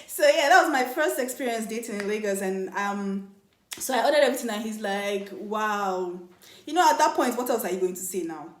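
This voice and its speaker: A young woman telling a dating story in a casual, animated vlog, often laughing and mimicking other people. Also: mid-range voice, brisk, a little hiss or hum. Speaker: vlogger. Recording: echoey room.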